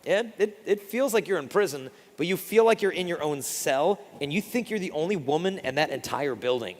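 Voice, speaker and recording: A man's voice: a little high, expressive, brisk, natural voice. A man retelling the words of a young woman, in an earnest, confiding manner, in a big reverberant hall. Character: young woman recalling a long struggle, earnest.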